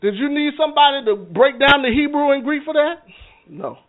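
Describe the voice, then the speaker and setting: High-voiced man teaching over a phone-like line. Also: normal speed. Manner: conversational, checks in with the room, repeats words. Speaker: minister teaching a Bible class. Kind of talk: church teaching session. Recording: phone-like narrow sound.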